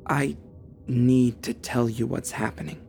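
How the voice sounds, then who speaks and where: A frightened middle-aged mother, as a male storyteller puts her on, soft and hesitant, her voice lifted well above his own with a gravelly edge. Faint music plays underneath. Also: steady tone, measured pace. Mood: shaken. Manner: soft, hesitant, higher-pitched delivery.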